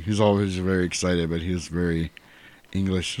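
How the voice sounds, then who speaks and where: A man hosting a podcast in casual, animated chat, laughing often and swearing freely. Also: sits low, moderate pace. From United States. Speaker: podcast host.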